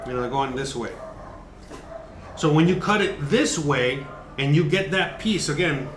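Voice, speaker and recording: A man's voice: fairly high pitch, expressive, normal speed, a bit bright, reverberant, slight background noise. A man hosting a casual cooking livestream, chatting and explaining each step, cursing now and then. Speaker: cooking show host.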